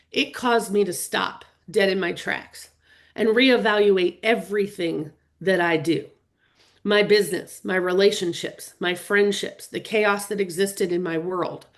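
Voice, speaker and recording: A middle-aged woman coaching real estate agents in a live webinar, earnest and openly emotional as she talks to viewers. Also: mid-range voice.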